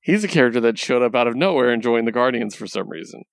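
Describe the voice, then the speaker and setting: A man hosting a casual podcast, animated and profane as he acts out scenes from a comic. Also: mid-range voice, fast talker, no room sound, studio quality. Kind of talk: casual comic book chat.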